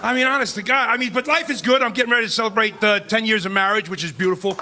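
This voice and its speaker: A man's voice: high-pitched, very fast, sharp tone. A man doing a stand-up comedy set on a club stage, talking conversationally and checking in with the crowd, sometimes acting out people in put-on voices. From Irish-American, New Jersey area. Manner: acts out relatives and strangers in put-on voices. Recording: live club recording with crowd laughter and noise. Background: audience laughter and club noise.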